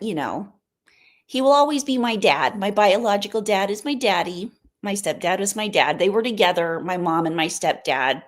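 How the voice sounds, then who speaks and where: An American woman hosting a casual live stream, chatting in a rambling way and answering viewer comments. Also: medium pitch. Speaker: livestream host.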